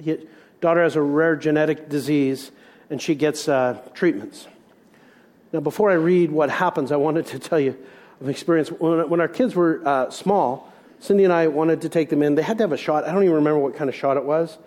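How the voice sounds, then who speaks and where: A middle-aged man preaching with a fairly high voice, pressing his points through rhetorical questions. He then sinks into soft, reflective stretches. A pastor's sermon delivery throughout. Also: a little fast.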